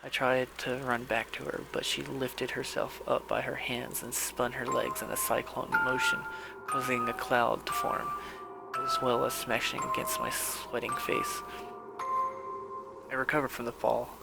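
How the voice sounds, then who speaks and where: A man's voice: medium pitch, flat delivery, a little slow, vocal fry, low-quality recording. A man reading his own first-person story aloud, with slips and restarts, over background music. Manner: reads with slips and restarts, softly dramatic.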